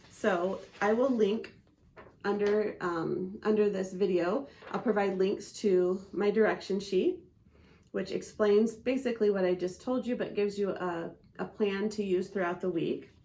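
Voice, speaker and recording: A woman teaching spelling to parents in an instructional video, patient and methodical, slowly sounding out letters and syllables. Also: medium pitch, gravelly, darkish tone, slight background noise.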